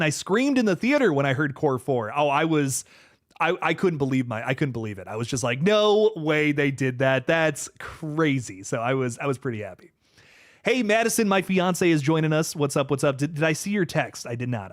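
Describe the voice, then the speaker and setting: A man's voice: on the high side, dry recording, clean studio sound. A young man hosting a casual livestream from home, reading viewer comments aloud in a laid-back way and often repeating and restarting words. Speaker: livestream host.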